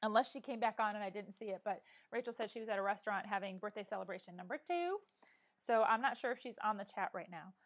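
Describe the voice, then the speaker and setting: This middle-aged woman's medium-pitched voice moves at a quick pace as she hosts an easygoing live chat. As a live-stream vlogger, she talks to viewers head-on, earnest and supportive.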